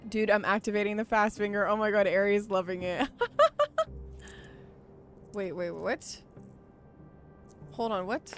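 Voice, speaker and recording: A woman's voice: mid-range voice, fairly even intonation, moderate pace. A woman live-streaming a game in chatty, giggly commentary, swearing freely. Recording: faint music behind.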